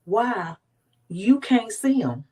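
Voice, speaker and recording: A woman's voice: fairly high pitch, slow pace, slightly rough. Emphatic woman from Washington, D.C. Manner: emphatic, animated storytelling with acted quotes. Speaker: guest. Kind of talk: motivational faith talk.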